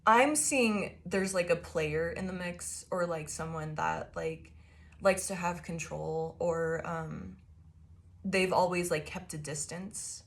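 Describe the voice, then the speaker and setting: A woman's voice: lowish voice, slow. A woman giving a casual tarot reading to her viewers, chatty and loose, laughing often mid-sentence and swearing now and then. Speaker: tarot reader.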